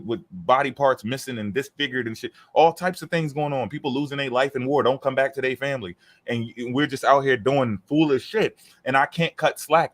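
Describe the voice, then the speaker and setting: A man co-hosting a casual talk show, delivering an emphatic, profane rant. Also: mid-range voice. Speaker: podcast co-host. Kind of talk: casual group talk, ranting.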